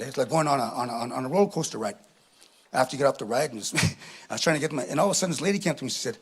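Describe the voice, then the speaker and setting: Husky-voiced man telling a comedy story. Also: a little high, quick pace. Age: middle-aged. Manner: animated storyteller acting out voices, chuckling often. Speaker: stand-up comedian. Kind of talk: live stand-up storytelling. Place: theatre stage with live audience.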